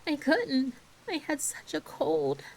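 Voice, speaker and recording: Brief: woman doing an anguished orphan girl, pitched up, dramatic storybook reading. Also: moderate pace, a little mellow, natural voice.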